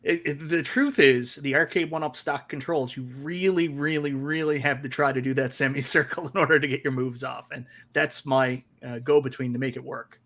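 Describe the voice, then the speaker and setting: A man's voice: mid-range voice, steady tone, normal speed, few pauses, fairly bright tone. A man co-hosting a casual gaming podcast, joking and trash-talking. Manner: playful trash talk. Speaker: co-host.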